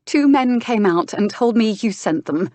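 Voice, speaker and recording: A woman narrator voicing a young female stage actress, tearful and breaking into sharp outbursts. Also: mid-range voice, expressive, a little slow, no room sound, pitched above the performer's own voice, lightly acted. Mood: hushed. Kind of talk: audiobook dialogue reading.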